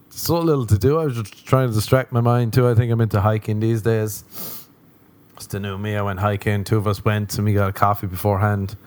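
A man's voice: medium pitch, a little mellow. A young Irish man hosting a casual solo podcast, rambling and wry with plenty of swearing, talking from home. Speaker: podcast host.

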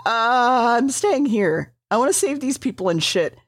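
A woman's voice: on the high side, lively intonation, a little slow. A woman voicing a defiant princess in a tabletop game recap, offhand and swearing.

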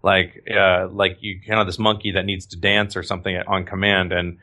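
A man's voice: deep voice, level tone, normal speed, pushed and bright. A man chatting casually as a podcast host, rambling with many restarts and easy laughter. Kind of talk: casual chat.

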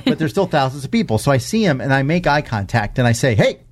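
A man's voice: mid-range voice, very animated, quick pace. A man co-hosting a casual podcast chat, telling stories in a wry, self-deprecating way. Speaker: podcast co-host. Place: Texas.

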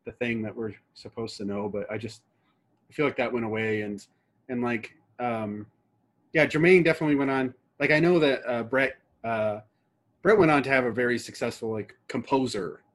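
A young adult man with a medium-pitched voice talks at a moderate pace as a podcast co-host. His casual chat rambles, with frequent fillers and restarts.

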